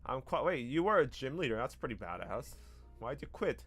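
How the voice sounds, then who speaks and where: A man's voice: mid-range voice, very animated, moderate pace, a bit bright, husky, faint music behind. Chatty American-accented man streaming a game. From Korea. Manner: chatty, answers chat, trails off and restarts. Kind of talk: casual gameplay commentary.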